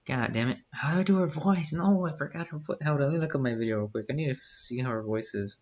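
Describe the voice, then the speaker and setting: A man's voice: medium pitch, fast, a little mellow, muffled recording. A young man casually reading a visual novel aloud, breaking off with joking asides. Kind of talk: casual live game reading.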